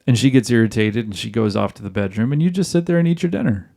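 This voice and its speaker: Speaking fast with vocal fry and a darkish tone, a man with a mid-range voice offers marriage advice on his podcast. His delivery is emphatic and playful, and he often voices both people in an exchange.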